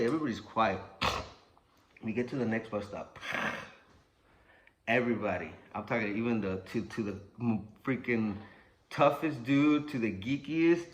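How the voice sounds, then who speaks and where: A young man casually telling a personal story, animated and profane, acting out what people said. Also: medium pitch, normal speed, slight background noise, rough recording. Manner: animated, profane, acts out quotes.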